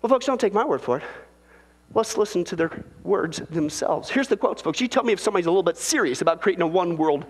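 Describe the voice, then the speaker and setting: A man's voice: sits high, animated, quick pace, slightly rough, long reverb tail. A man preaching as a pastor, fervent and insistent, repeatedly addressing his listeners as folks. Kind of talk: preaching to camera.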